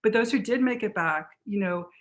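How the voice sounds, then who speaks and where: Woman author, book talk guest, lively fast storytelling, mid-pitched. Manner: animated, fast storytelling with restarts.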